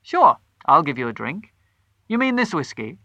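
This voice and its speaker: A man's voice: fairly high pitch, very animated, moderate pace, bright, forceful tone, dry recording, full character voice. A man reading aloud voices a blunt, hearty middle-aged police sergeant in a told story.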